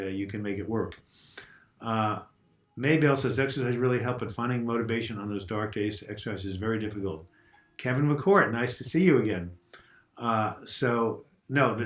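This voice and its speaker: A man in his sixties with a cold, hosting a casual live Q&A on a lapel mic, chatting as he reads out viewers' comments and answers them. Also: medium pitch. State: getting over a cold. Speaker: host of a mental health Q&A. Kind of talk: casual live video chat. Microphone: lavalier mic.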